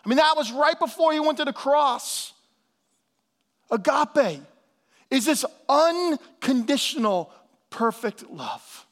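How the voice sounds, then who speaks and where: A man in his fifties preaching a sermon, lively and conversational, calling out to the congregation and dropping to a hushed voice for emphasis. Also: extremely high pitch, takes it slowly, pauses often. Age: 50s. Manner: animated preaching, drops to soft hushed tones for emphasis; calls out to the congregation for responses. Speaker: pastor.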